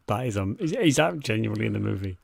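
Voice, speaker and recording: A man's voice: on the low side, expressive, fast, vocal fry, husky, no echo. A British man co-hosting a podcast, chatting casually with a dry, teasing wit. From Britain. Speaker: podcast co-host.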